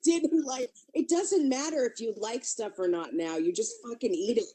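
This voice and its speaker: A woman's voice: a little high, normal speed, mellow, slight background noise. A woman comedian talking blunt and self-mocking in a casual radio chat. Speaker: comedian guest. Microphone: studio mic.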